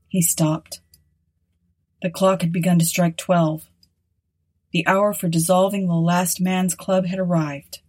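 A woman narrating an old story in a measured, solemn reading. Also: lowish voice, dark tone, husky, poor audio.

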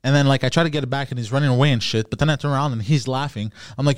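Man, podcast co-host, rambling storyteller, casual chat, mid pitch, dry sound. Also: lively intonation, racing, few pauses, dry recording. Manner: rambling storyteller with many fillers and restarts. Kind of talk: casual chat, telling a dream.

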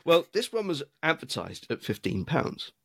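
A man's voice: fairly high pitch, big pitch swings, moderate pace, gravelly, fairly bright tone, dry recording, studio quality. A man telling wry, rambling stories as a podcast co-host. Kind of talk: casual chat.

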